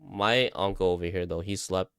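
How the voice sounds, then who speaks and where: Smooth low-voiced man telling a spooky story. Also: steady tone, moderate pace, fairly bright tone, dry recording, studio quality. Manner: rambling, swears often, repeats himself. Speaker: vlogger.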